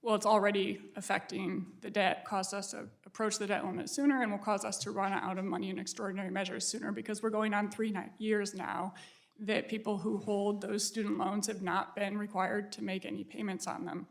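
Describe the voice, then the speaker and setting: A woman testifies as a witness at a hearing in a flat, gravelly voice. She answers directly and matter-of-factly. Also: mid-range voice, a little fast. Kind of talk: answering a question.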